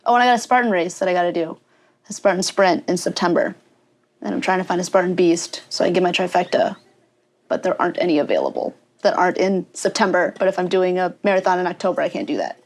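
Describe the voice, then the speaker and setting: A woman's voice: fairly low pitch, fast talker. A young woman guest in a podcast interview, chatty and laughing often as she acts out her own thoughts. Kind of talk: casual storytelling interview.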